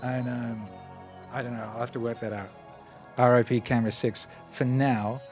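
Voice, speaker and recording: A man's voice: mid-range voice, level tone, moderate pace, a little mellow, reverberant, in a large hall. A man hosting a casual livestream, rambling loosely and jokily and reading viewer comments aloud, into a microphone on a stand in his home studio. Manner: loose, rambling and jokey, with playful asides. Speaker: livestream host and musician. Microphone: microphone on a stand in front of him. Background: music playing.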